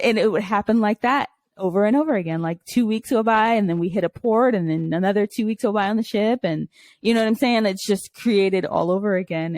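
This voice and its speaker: A woman's voice: mid-range voice, a little mellow, no room sound. A young woman co-hosting a casual podcast, telling candid stories and laughing often. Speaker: podcast co-host. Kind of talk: casual chat.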